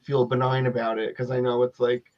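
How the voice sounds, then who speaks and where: A man in a mid-pitched voice trades jokes with friends, his sound dull and lo-fi. His asides are wry and loose. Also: completely flat delivery, brisk. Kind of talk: casual group chat.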